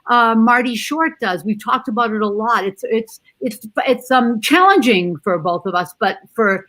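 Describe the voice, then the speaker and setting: Hesitant woman guest, fairly high voice. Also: animated, a bit bright. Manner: hesitant, halting, many fillers. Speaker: guest actress. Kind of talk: casual chat on a live stream.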